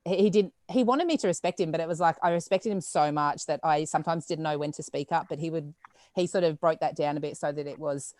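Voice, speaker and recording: A woman's voice: sits low, no room sound. An Australian woman, a weightlifter, telling stories in a casual podcast chat, acting out quotes as she goes. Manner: rapid, animated storytelling with acted quotes.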